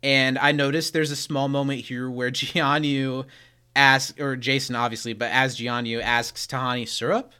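Bright-voiced young man recapping TV. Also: medium pitch, level tone, normal speed, clear, resonant tone. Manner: retells scenes by quoting lines, laughs often. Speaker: podcast co-host. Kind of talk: casual chat recapping a TV episode.

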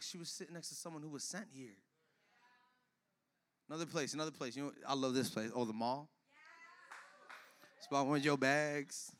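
A young man preaching as pastor, animated and slangy, acting out little everyday scenes. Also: a little high. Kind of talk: energetic sermon.

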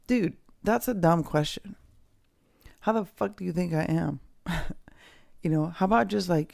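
Candid podcast host, reflective personal talk; mellow, gravelly, close and dry. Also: medium pitch, no room sound. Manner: candid, casual, swears freely; slow, pausing delivery with fillers.

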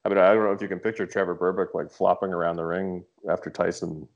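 Canadian man, very low voice, animated storyteller, swears freely, casual podcast guest. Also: fast, gravelly, lo-fi sound. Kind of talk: casual chat.

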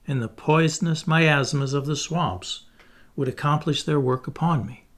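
A man reading a first-person memoir aloud in a measured, solemn way. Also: a little high. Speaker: audiobook reader.

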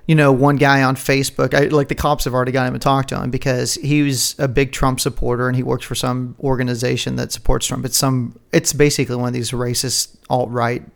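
A man's voice: medium pitch, little pitch movement, creaky. Rambling, profane man chatting. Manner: rambling, profane, quick to laugh. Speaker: podcast co-host. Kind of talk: casual political chat.

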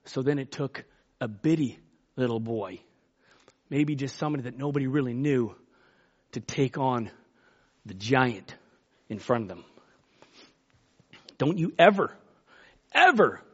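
A man's voice: medium pitch, animated, measured pace, long pauses, breathy edge. A man preaching a sermon in a folksy, emphatic way, acting out Bible quotes as he goes. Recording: dull lo-fi recording.

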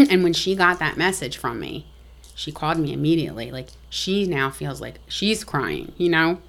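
Speaking at a moderate pace with vocal fry, a middle-aged woman with a low voice shares a family story on a podcast in a very animated way. She stays frank and matter-of-fact, and the conversation has a casual interview feel.

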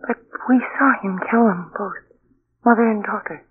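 A woman's voice: mid-range voice, moderate pace, slight background noise, natural voice. An actress playing a frightened young mother, breathless and often whispering, in 1940s radio acting on a tinny old radio recording. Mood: shaken.

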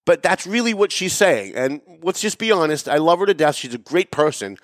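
A man hosting a political commentary show, talking sarcastically and emphatically. He swings between raised, pointed emphasis and low asides. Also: lively intonation, a little fast, dry recording, studio quality. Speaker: show host. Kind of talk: opinionated political commentary monologue.

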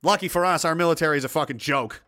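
A man's voice: a little high, rapid-fire, bright, forceful tone. A man hosting a livestream, ranting in crude, mocking, blunt commentary and reading out viewer comments. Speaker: livestream host reading chat.

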